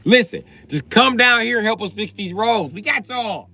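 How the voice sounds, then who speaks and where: Animated man ranting crudely on a livestream. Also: high voice, moderate pace, gravelly. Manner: animated, crude, teasing, riffing off chat comments. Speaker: livestream host. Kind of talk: profane comedic rant to chat.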